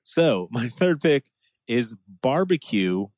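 A man in his forties from New England, co-hosting a casual chat, talking in an animated way with frequent laughs. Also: mid-range voice, no echo. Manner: animated, laughing, does quick impressions. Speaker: podcast co-host.

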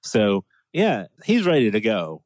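A man in his forties from New England, co-hosting a casual chat, talking in an animated way with frequent laughs. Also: fairly low pitch, no echo. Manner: animated, laughing, does quick impressions. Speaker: podcast co-host.

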